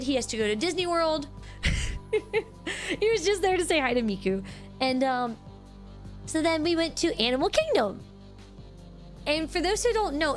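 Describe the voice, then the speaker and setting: A young woman streamer telling a story to her chat in a casual, animated way, restarting sentences often. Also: high-pitched. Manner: animated, excitable, lots of restarts and "like".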